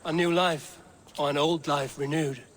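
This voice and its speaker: A man voicing a calm Viking raider leader in a video game, measured and plain-spoken. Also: fairly high pitch, lightly acted. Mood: steady.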